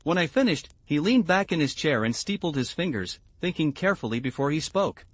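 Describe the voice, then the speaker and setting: A man's voice: a little high, big pitch swings, brisk, dry recording. Man narrating a first-person story.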